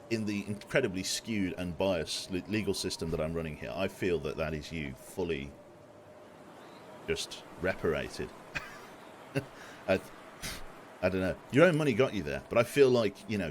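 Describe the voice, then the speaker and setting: A man in his twenties, his voice low, chats casually on a live game stream from a room at home. He's jokey and self-deprecating and swears casually, speaking into a desk microphone with slight background noise.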